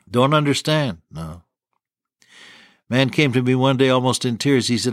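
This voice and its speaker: An older man giving a radio sermon in a gentle, pastoral tone, speaking right to the listener. The sound is close and dry, with no room echo. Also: medium pitch, lively intonation, moderate pace. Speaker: radio preacher.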